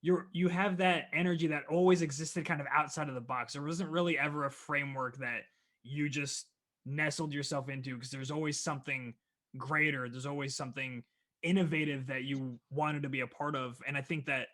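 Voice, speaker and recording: A man hosts a casual interview, speaking enthusiastically and warmly to his guest. His voice sits a little higher than most men's. He often trails off and circles back to finish his thoughts. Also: steady tone, a little fast. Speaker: podcast host.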